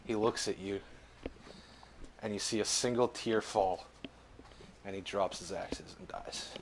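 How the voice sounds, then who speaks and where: Young male game master with a low voice and a loose, profane, vivid style. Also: fairly even intonation, takes it slowly, pauses often, background noise. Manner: vivid, swearing freely, laughing between beats. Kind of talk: narrating a tabletop game.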